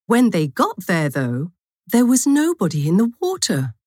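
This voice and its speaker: Woman reading a story, lively pitch. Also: measured pace, no echo, studio quality. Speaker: narrator of a course text. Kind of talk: scripted story narration.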